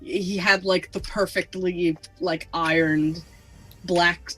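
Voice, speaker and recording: A woman chatting casually on a podcast, telling an anecdote in a relaxed way. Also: fairly low pitch, slow pace, breathy edge, faint music behind, poor audio. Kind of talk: casual chat.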